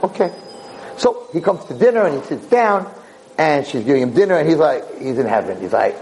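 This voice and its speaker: A man giving a Torah lecture as a rabbi, telling a dramatic story with animated repetition. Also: a little high, brisk, slight background noise, low-quality recording. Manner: animated, repeats words for emphasis.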